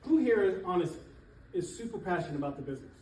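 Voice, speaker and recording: A middle-aged man, a real estate coach, giving an animated motivational seminar talk to an audience in a church hall. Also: high-pitched, fast talker, a little hiss or hum. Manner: emphatic, animated, laughs between points. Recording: echoey hall, voice from far off.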